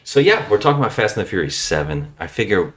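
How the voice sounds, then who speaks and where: Low-voiced joking male podcast host. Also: big pitch swings, fairly bright tone. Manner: joking, profane, quick banter. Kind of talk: casual podcast chat.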